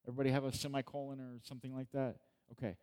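A middle-aged pastor preaches to his congregation in a relaxed, conversational voice. He jokes and checks in with his listeners. His pitch sits in an ordinary middle register. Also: very fast, clean tone. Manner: conversational and joking, asks the congregation questions. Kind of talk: sermon.

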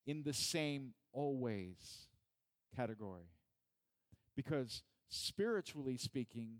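A man preaching in an earnest Bible study, repeating points and asking questions of his listeners. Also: medium pitch.

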